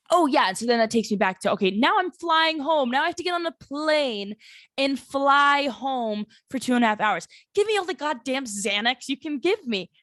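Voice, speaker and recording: A woman's voice: fairly high pitch, fairly bright tone, dry recording, studio quality. A woman in her twenties hosting a solo podcast from her family home, telling a personal story in a candid, rambling way, with lots of "like" and free swearing. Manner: candid and rambling, heavy use of "like", swears freely. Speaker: podcast host.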